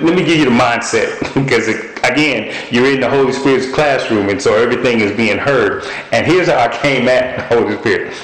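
Animated folksy preacher man, echoey room. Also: mid-range voice. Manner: animated storytelling, folksy speech. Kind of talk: sermon.

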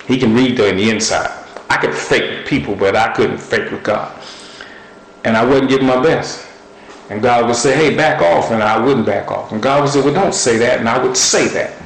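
A man's voice: mid-range voice, echoey room, a little hiss or hum, rough recording. A man preaching a sermon, speaking earnestly and building his points through repetition.

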